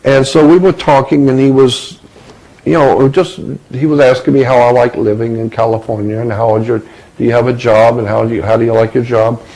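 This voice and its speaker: A man telling a personal story from his youth, halting and repeating words as he searches for them. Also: mid-range voice, level tone, mellow, rough recording.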